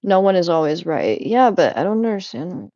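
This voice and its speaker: A young woman rambles as she tidies, chatty and quick to cut herself off with a laugh. The sound is dry and a little muffled, like a home setup with a modest mic. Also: lowish voice, big pitch swings, mellow, no echo. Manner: rambling, chatty, self-interrupting, laughs often. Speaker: vlogger. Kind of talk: casual chat while cleaning.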